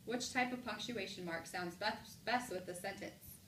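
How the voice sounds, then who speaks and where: A woman's voice: mid-range voice, a bit bright. Woman teacher in an echoey classroom. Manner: clear, encouraging teacher prompts, slow exaggerated read-aloud examples. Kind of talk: classroom mini lesson. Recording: echoey room from a distance, light noise.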